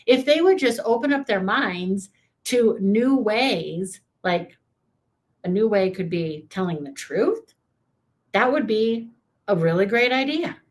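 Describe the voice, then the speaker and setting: A woman hosting a reaction video, giving sarcastic, opinionated political commentary and talking straight to her viewers. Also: on the high side.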